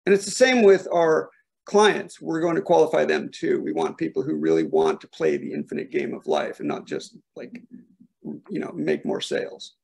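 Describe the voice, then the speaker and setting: A man's voice: fairly high pitch, expressive, moderate pace, vocal fry, a little mellow, husky. A man answering audience questions about his startup with short, offhand replies over a video call. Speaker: startup founder taking questions. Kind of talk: online Q&A.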